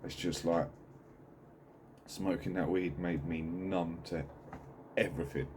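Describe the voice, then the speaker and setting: A man speaking candidly in a video diary, halting and full of swearing, sitting at home. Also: low voice, steady tone, background noise. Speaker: channel host.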